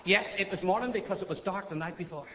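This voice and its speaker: A man with a Northern Irish accent doing stand-up one-liners on a theatre stage, chatty and coaxing the crowd between rapid gags. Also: sits high. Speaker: stand-up comedian. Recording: echoey theatre, tinny thin sound, noisy. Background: audience laughter.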